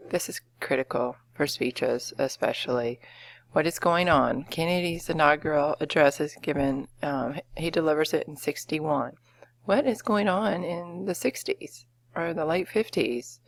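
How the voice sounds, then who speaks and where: Low gravelly woman teacher. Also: a little slow, no echo. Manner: explanatory, with frequent fillers and okays. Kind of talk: classroom lesson walkthrough.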